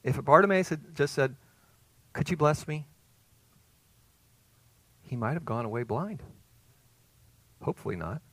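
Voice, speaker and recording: A man preaching a sermon as pastor, earnest and emphatic, rising to loud peaks and dropping to soft, hushed phrases. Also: on the high side, animated, unhurried, long pauses, no room sound.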